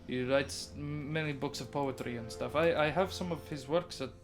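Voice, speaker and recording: A man's voice: fairly high pitch, moderate pace, music in the background, natural voice. A man doing eager, bookish Scar.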